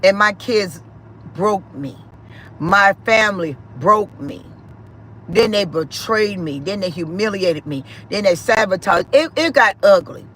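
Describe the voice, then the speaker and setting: A middle-aged woman speaks in a bright, forceful voice, piling up repeated phrases as she tells her own story. Her delivery is emphatic and emotional, like spoken testimony. Faint background noise runs under her voice. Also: mid-range voice, rough recording. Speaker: spiritual speaker. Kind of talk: personal testimony.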